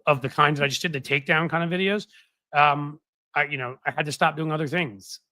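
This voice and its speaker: Bright, chatty live-stream host. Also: male voice, a little high, steady tone, brisk, dry recording. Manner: rambling, chatty, many fillers and restarts. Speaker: political commentary host. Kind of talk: casual live-stream chat. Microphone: desk microphone.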